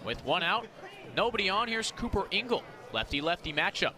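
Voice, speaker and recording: Excitable man calling baseball play-by-play. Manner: rapid pitch calls, rising to shouts on big plays. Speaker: play-by-play announcer. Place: outdoor ballpark broadcast booth. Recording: outdoor ballpark crowd behind. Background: ballpark crowd.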